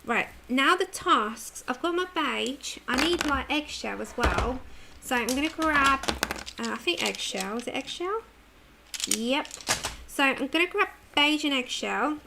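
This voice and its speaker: A woman's voice: high-pitched, expressive, unhurried, vocal fry, background noise. A British woman hosting a livestream, chatting casually while she colours, laughing often and answering viewer comments. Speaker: livestream host.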